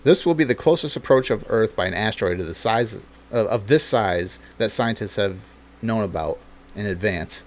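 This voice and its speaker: A man's voice: fairly low pitch, animated, normal speed. A man hosting a casual podcast chat, rambling and swearing freely, laughing often and reading snippets aloud. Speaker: podcast host.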